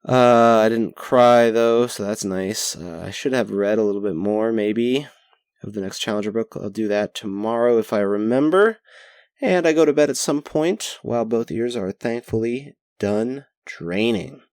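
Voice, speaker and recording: A man's voice: on the low side, a little mellow, dry recording, studio quality. A young man hosting a casual spoken-journal podcast, rambling and self-deprecating, swearing casually into a headset mic. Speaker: podcast host. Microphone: headset mic with pop filter.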